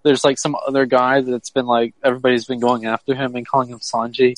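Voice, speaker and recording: A man co-hosting a casual podcast, chatting loosely, laughing often and slipping into gruff put-on voices. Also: mid-range voice, level tone, fast talker, no echo, poor audio. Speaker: podcast co-host.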